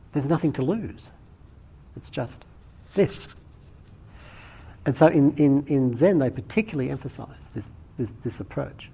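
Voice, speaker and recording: A man giving a thoughtful, unhurried dharma talk as a meditation teacher, often restarting his phrases. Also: medium pitch, gravelly, a little mellow, husky. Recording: dull lo-fi recording.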